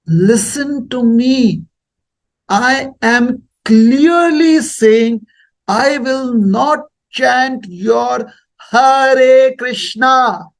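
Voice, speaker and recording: A man acting out a proud, high-ranking magistrate who scolds in exasperation. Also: lively intonation, slow pace, pauses often, a little mellow, husky, exaggerated voice. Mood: exasperated.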